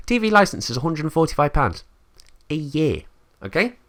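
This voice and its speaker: A man with an English accent rants in a casual monologue, blunt and quick to swear. His pitch swings widely as he talks. His tone is bright and forward. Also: very animated. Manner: blunt and sweary, acts out quotes in put-on voices. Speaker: channel host.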